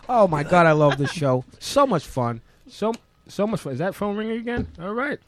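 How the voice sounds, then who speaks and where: A male talk-show host with a high voice that swings widely as he talks. He sounds excitable and laughs often, whether he is chatting or reading sponsor plugs. His delivery is casual and full of energy.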